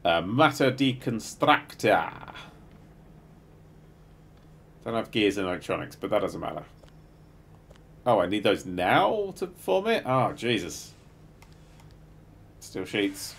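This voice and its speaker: A middle-aged man streaming a game live, muttering to himself, swearing freely and bursting into excited exclamations. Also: lowish voice, a little slow, creaky, pauses often, slightly rough. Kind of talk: live gameplay commentary.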